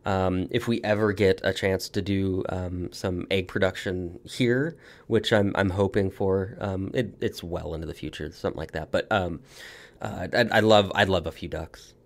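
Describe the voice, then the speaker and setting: A man's voice: sits low, steady tone, moderate pace. A man with an American accent, a farmer guest talking casually on a podcast, rambling with many restarts and fillers.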